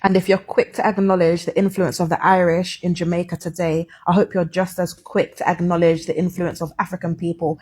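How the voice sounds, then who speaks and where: Woman narrator for an earnest explainer, slightly husky, steady and informative. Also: fairly low pitch, a little fast, hardly any pauses. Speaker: commentator. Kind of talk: scripted commentary.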